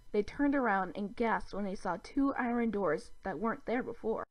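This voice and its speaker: A woman's voice: medium pitch, animated, normal speed, hardly any pauses, rough recording. A woman narrating a fan fiction story in a plain storybook manner. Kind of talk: reading fan fiction aloud.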